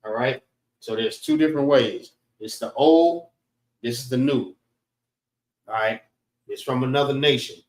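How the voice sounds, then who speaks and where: A man teaching an informal scripture class in a relaxed way, often saying "all right" between points. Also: mid-range voice, measured pace, long pauses. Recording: roomy echo.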